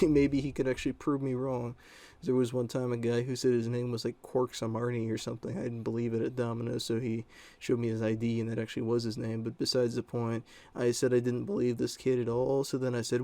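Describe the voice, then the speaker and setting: A man's voice: mid-range voice, little pitch movement, fairly quick, dark tone, dry recording. A young man telling a story-time vlog in a rambling, casual way full of fillers. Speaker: storyteller vlogger.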